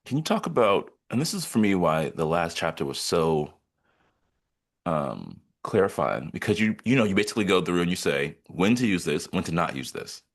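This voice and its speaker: A man who is a counselor hosting an interview, asking curious, drawn-out questions. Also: deep voice, big pitch swings. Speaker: podcast host and counselor. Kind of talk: conversational interview.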